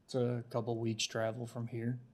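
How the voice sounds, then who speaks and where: Man doing a calm traveler, easygoing, guarded, plain-spoken, mid-pitched voice, tabletop game. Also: normal speed, lightly acted.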